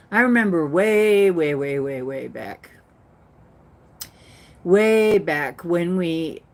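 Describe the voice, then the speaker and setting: Female host, slow and low-pitched, earnest rambling spiritual storyteller. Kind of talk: casual spiritual talk.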